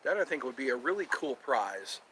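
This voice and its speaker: A man's voice: medium pitch, sing-song, fairly quick, pushed and bright, a little hiss or hum, low-quality recording. A man hosting a casual solo livestream from outdoors near his home, rambling and repeating himself as he thinks aloud. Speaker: livestream host.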